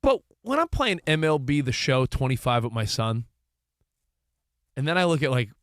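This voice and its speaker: Animated, excitable male sports co-host. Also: medium pitch, normal speed, dry recording, studio quality. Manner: excitable, jokey storyteller. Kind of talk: casual sports talk.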